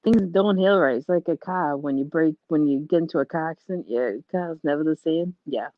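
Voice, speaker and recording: A woman's voice: sits low, a little fast, dry recording, highs cut off. A tired woman chatting casually as a livestream guest, rambling and laughing often, her voice worn from lack of sleep. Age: adult with a child. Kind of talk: casual chat.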